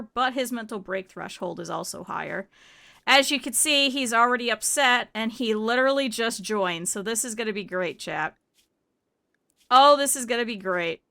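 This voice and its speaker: A woman streamer with a slight lisp, chatting casually and excitedly with viewers while playing a game. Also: on the high side, creaky. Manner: chatty and animated, often laughing. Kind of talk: casual gameplay chat with viewers.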